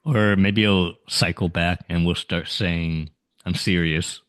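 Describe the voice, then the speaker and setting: Middle-aged guy with a lowish voice, goofing around in a casual podcast chat. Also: fairly even intonation, slow, a bit bright, clean tone. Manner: playful, acts out silly scenarios with laughter. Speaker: podcast co-host.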